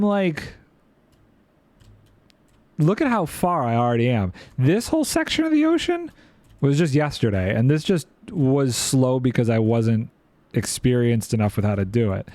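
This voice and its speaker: A man's voice: medium pitch, big pitch swings, unhurried, a little mellow, dry recording. A man streaming a building game, chatting playfully and thinking aloud while reading chat. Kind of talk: casual gameplay commentary.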